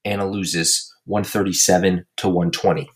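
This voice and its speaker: A man hosting a casual comedy podcast, recapping his fantasy league with crude jokes and deadpan roasts. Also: deep voice, moderate pace, a little hiss or hum. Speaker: podcast host and league commissioner.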